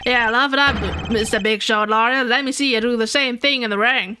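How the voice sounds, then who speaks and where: Woman reading as a gruff tough-guy boxer. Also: fairly high pitch, steady tone, a little fast, noisy background, close to an everyday voice. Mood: defensive. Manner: tough-guy slang, defensive. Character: gruff streetwise male boxer suspect.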